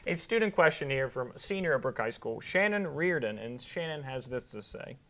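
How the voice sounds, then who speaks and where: Host: young man, lively pitch, quick jokes and laughs between questions. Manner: jokey, playful, laughs often. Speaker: talk show host. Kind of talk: casual interview talk. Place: high school venue on location.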